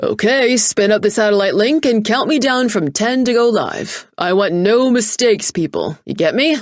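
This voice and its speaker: Woman voicing a loud arrogant tech mogul. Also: mid-range voice, expressive, normal speed, no echo, studio quality, pitched above the performer's own voice, natural voice. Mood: curt. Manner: loud, commanding and dismissive.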